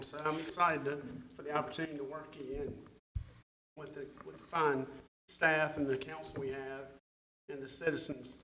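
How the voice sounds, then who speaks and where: A man, a town councilman giving an emotional, halting speech at a council meeting, his voice catching. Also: on the high side, level tone, sharp tone, rough recording. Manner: halting, many fillers.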